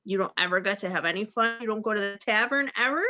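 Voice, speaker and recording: A cheeky, nosy little girl, as a woman plays her who wheedles with prying questions. The voice is bright, on a dull lo-fi recording. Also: mid-range voice, quick pace, lightly acted.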